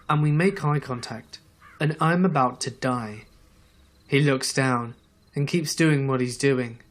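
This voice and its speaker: A man reads true horror stories aloud in a measured, dramatic way, his pitch sitting in the middle of the usual range for men. Soft music plays faintly behind his voice. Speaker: horror story narrator.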